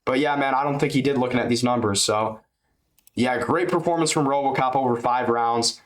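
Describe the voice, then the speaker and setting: A man's voice: mid-range voice, a little fast. A man giving a loose, chatty fight recap on his channel, swearing and dropping man and dude, speaking into a webcam. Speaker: MMA YouTuber.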